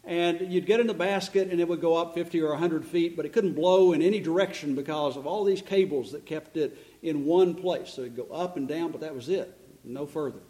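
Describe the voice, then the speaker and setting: A man's voice: fairly high pitch, fairly quick, mellow. A middle-aged male pastor preaching a sermon, telling stories and asking and answering his own questions.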